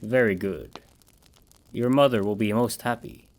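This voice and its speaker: A sinister villain in a suit speaks in a low, dark-edged English accent, as a male narrator puts him on. He drawls slowly and mockingly, savoring every threat. His delivery is measured, cold and menacing. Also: close to an everyday voice.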